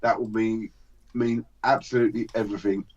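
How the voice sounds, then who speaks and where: A British man hosting a charity livestream, running a joking fast-patter auction of a silver bar. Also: on the low side, little pitch movement. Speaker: livestream host. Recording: dull lo-fi stream audio.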